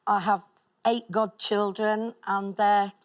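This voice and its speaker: A woman's voice: medium pitch, level tone, slow. A woman, a quiz contestant, speaking hesitantly with ums. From Chesterfield, England.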